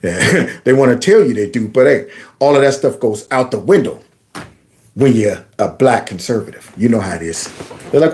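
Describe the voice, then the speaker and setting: A middle-aged man hosting a casual political live stream, animated and laughing, slipping into mocking voices. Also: medium pitch, normal speed. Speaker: political commentary host.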